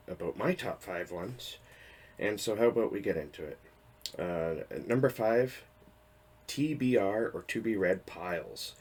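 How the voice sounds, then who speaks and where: A man in his thirties talks casually to the camera, his voice deep and a little husky. He rambles, restarts his sentences and chuckles at himself as he goes. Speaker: book vlogger. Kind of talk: casual talking-head vlog.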